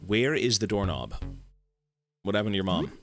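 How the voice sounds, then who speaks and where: A man's voice: on the low side, sing-song, moderate pace, fairly bright tone, faint music behind. A man giving casual commentary while playing a horror game, thinking aloud and swearing now and then.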